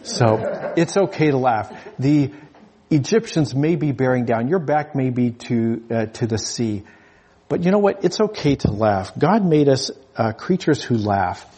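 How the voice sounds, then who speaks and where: A husky male preacher delivers a sermon in a loose, conversational way. He jokes with his listeners, often restarts his sentences and speaks at an everyday pitch. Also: expressive, a little slow, warm tone. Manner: conversational, humorous, with frequent restarts.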